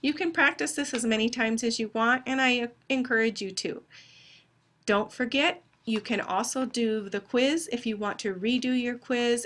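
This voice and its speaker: A woman phonetics instructor giving a recorded lecture, deliberately spelling out sounds and dictating test words. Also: a little high, fairly bright tone.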